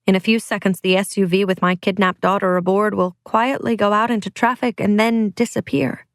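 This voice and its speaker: A woman's voice: medium pitch, fairly even intonation, a little fast, no room sound. Woman narrating an audiobook, urgent and dry. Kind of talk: first-person audiobook narration.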